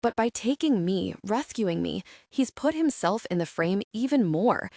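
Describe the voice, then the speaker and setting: Gravelly woman narrating an audiobook. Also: medium pitch, animated, measured pace, dark tone, no room sound, studio quality. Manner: dramatic, tense storytelling. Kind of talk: first-person audiobook narration.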